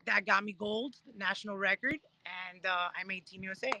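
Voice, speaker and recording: A woman in her thirties, a guest telling her story in a casual interview, animated and acting out what others said. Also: mid-range voice, a little fast, background noise. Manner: animated, acts out quoted voices while telling stories. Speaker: guest, Paralympic discus thrower.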